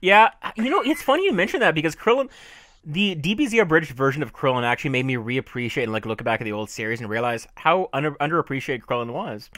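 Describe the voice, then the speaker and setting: A man's voice: a little high, expressive, fast, fairly bright tone, no room sound, studio quality. A man chatting in a VR hangout, laughing often and asking chatty questions. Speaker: guest. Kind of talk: casual chat.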